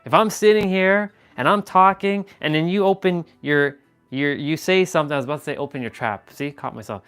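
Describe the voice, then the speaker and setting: Young man, livestream host, slightly high voice, exasperated, rambling, laughs often, faint music in the background. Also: a little fast, fairly bright tone, clear, resonant tone. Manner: rambling and exasperated, with frequent laughs and casual swearing. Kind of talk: casual livestream chat.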